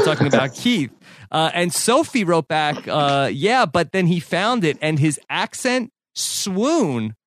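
A male podcast host talks in a casual, bouncy way, his voice riding high and swinging up and down. The sound is close and completely dry, with no room around it. He laughs often while reading tweets aloud. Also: a bit bright, no echo.

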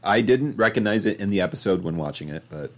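A man's voice: lowish voice, expressive, fast. A young man co-hosting a podcast in casual chat, rambling with many fillers and calling people dude. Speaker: podcast co-host.

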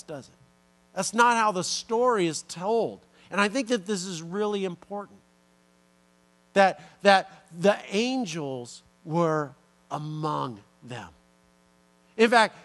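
A male pastor delivering a relaxed, conversational sermon with repetitions and asides. His voice is fairly high and his pace is slow and measured.

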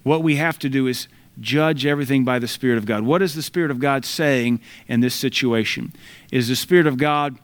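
Emphatic male preacher. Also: mid-range voice. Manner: emphatic, quotes scripture, mimics voices for effect. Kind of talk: sermon.

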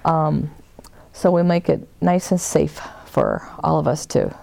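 Workshop leader, woman, low gravelly voice, warm and gentle, rambles a bit, dry sound. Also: wildly swooping pitch, measured pace, no echo. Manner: gentle and meandering, with soft laughs. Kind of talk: guiding a group session.

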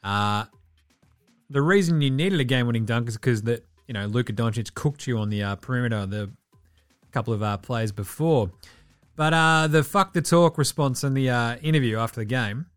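A young man hosting a solo basketball podcast, talking in a profane, sarcastic, animated way. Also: mid-range voice, moderate pace, smooth, soft background music. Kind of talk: solo sports commentary podcast.

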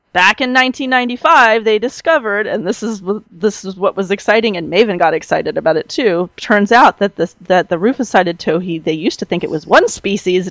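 A woman's voice: medium pitch, fairly bright tone, dry recording. A woman hosting a casual chat, telling stories animatedly and laughing often.

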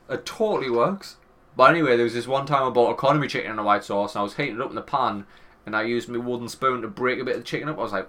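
A man's voice: medium pitch, very fast. A young man from Northern England with a Northern English accent, co-hosting a podcast and swearing as he jokes and tells stories. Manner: swearing, laughing, animated storytelling. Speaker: podcast co-host. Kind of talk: casual podcast banter.

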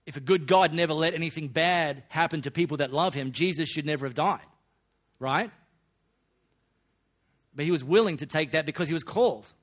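A man's voice: fairly high pitch, a little fast, pauses often, fairly bright tone. A man, preaching a sermon in a folksy, joking way full of slang. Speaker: pastor.

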